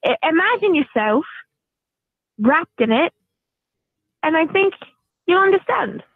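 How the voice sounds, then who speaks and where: Really high-voiced woman guest, giggly, sounds like on a phone call, lively. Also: measured pace, no echo. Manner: giggly, playful. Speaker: podcast guest. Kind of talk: casual chat.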